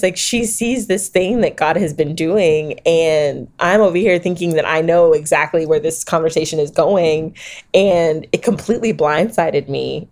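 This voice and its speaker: A woman author in her thirties, telling her story in a lively interview, acting out quotes and laughing often. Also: low-pitched. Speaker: author and guest.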